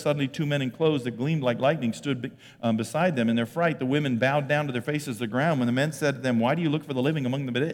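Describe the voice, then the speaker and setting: A man preaching a sermon as pastor, animated, swinging loud and high for emphasis, then dropping low and quiet. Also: long reverb tail. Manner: animated, jumps in pitch and volume for emphasis.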